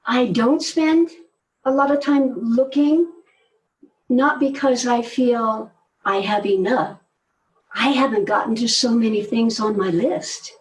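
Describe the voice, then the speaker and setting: An older woman telling stories in a relaxed conversation, animated and laughing often, often trailing off mid-sentence. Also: a little high, takes it slowly, recorded from a distance, slight background noise, poor audio. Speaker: guest, movement teacher. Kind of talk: conversational storytelling.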